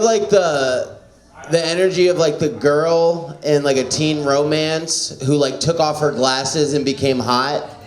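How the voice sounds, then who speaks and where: A man in his late twenties starting a stand-up set, halting and full of fillers. His pitch swings lively and sits a little high. The room is echoey. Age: 20s. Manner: halting, full of likes and restarts. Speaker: open mic comic. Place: small room at a comedy open mic.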